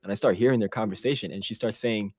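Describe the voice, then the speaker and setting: A man hosting a podcast, telling a story in a casual, animated and profane way, laughing as he goes. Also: on the low side, quick pace, husky, dry recording, studio quality. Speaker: podcast host.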